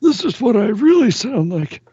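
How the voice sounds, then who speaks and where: A man putting on the voice of a creaky old man who remembers the silent film days. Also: very high voice, sing-song, normal speed, mellow, no room sound, voice pushed up, heavily acted. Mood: jokey. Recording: dull lo-fi audio.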